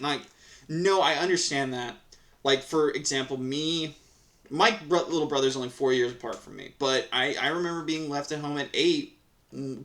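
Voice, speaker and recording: A man of medium pitch and a slightly bright tone reads Reddit stories and comments on them casually. His heated, profane ranting rambles, with plenty of restarts along the way.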